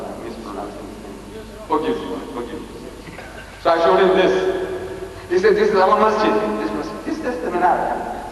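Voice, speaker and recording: Older South African lecturer, high-pitched and emphatic, recorded from afar in an echoey hall. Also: male voice, distant mic, slight background noise. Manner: emphatic orator with rhetorical questions and repetition. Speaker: Islamic lecturer. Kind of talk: public lecture to a live audience. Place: large hall with live audience.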